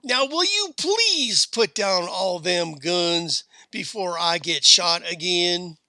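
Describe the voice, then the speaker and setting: A man's voice: sits high, lively intonation, takes it slowly, sharp tone, no room sound, full character voice. A man voicing a fussy, whining frontier town mayor who gets flustered. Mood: exasperated.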